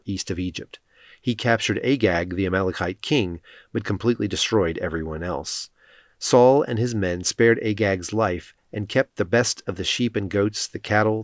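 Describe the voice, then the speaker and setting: A man narrates scripture in a solemn, steady read. His voice sits low, and the recording is close and dry, with no room echo. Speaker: scripture reader.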